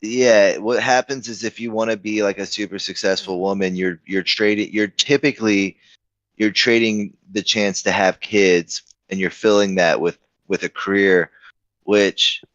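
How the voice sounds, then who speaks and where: A young man co-hosting a podcast, talking in halting casual chat with many fillers and restarts. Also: on the low side, steady tone, a bit bright, no room sound. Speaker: podcast co-host. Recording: dull lo-fi sound, dry room.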